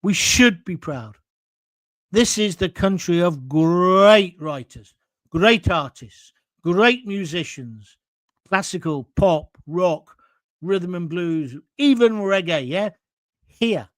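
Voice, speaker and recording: Blunt, high-voiced man ranting. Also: expressive, takes it slowly, dry recording, clean studio sound. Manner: combative, blunt, mocking toward critics. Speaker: host of his own online show. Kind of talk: opinionated chat, reading viewer comments.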